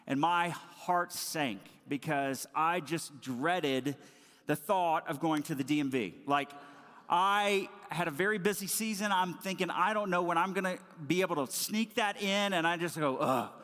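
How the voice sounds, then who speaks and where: A man preaching a sermon, opening with a lively personal story and keeping a conversational tone with casual fillers. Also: on the high side, unhurried, big-room sound. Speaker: pastor.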